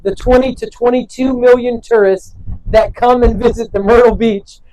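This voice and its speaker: A man's voice: very high voice, fairly even intonation, moderate pace, warm tone, slight background noise, poor audio. A man hosting an interview, talking about property in an upbeat, salesy way that repeats phrases. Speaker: host and real estate agent.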